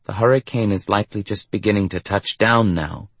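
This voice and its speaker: A soft-spoken, worried woman in a storybook, read by a man in a low voice. The lines come quietly and slowly, recorded dry and close. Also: dry recording.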